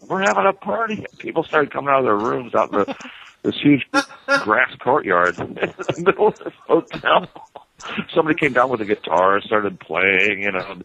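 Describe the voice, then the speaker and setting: A low, husky man on a muffled phone line, rambling through a story. His bright, forceful voice keeps breaking into laughter as he swears his way along. The sound is dry and dull. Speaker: guest calling in. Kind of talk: casual storytelling. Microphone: phone call.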